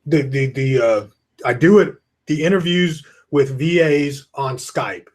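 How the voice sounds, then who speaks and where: A man's voice: on the high side, unhurried, darkish tone. A tired man hosts a live webinar from his webcam. His talk is loose and rambling, and he greets viewers by name. He stifles yawns as he goes. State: tired, yawning. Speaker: online course host. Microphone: webcam with screen beside it.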